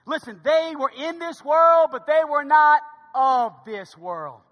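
A man's voice: very high voice, animated, slow, lo-fi sound, faint music behind. A man preaching a sermon, telling a humorous story with emphatic delivery. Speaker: pastor. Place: church sanctuary. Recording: long reverb of a large hall.

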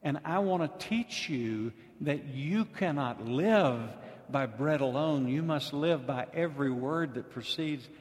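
A man's voice: on the high side, unhurried, natural voice. A man voicing God as a firm, caring father who makes emphatic promises. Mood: fervent. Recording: long hall reverb.

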